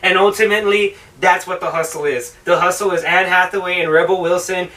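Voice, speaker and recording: Male vlog host, sharp bright tone, profane and exasperated film critic, slightly distant mic. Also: sits high, steady tone, fairly quick. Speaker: film reviewer, show host. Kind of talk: ranting film review.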